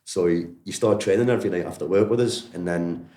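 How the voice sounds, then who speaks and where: A Geordie man with a very low voice talks quickly as a martial arts coach, rambling through stories in a friendly, casual way. His voice carries an echo from the room around him. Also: dark tone. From Newcastle, England. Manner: rambling, friendly, lots of "you know" and "like". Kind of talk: casual storytelling interview.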